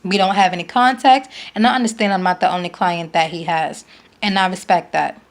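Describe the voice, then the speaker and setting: A woman's voice: fairly low pitch, steady tone, brisk. A woman, making an earnest, pleading appeal to camera as a parent, repeating her points for emphasis. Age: 20s. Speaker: vlogger, parent. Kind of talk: emotional direct-to-camera appeal.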